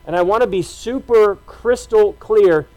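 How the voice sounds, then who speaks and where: A man's voice: high-pitched, measured pace, darkish tone, low-quality recording. A man pastor preaching a sermon, conversational and emphatic, stacking repeated phrases to drive his points home.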